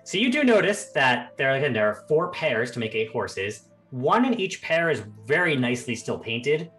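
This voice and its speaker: A young man narrating as game master in a relaxed, rambling way with lots of fillers. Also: medium pitch, normal speed, soft background music. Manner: casual, rambling with many fillers. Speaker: dungeon master.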